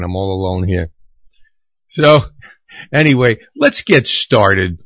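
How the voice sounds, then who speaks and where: A man hosting an oldies radio show, chatty and self-deprecating in an unhurried way. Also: low voice, animated, a bit bright, no room sound, dull audio. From United States. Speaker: radio host.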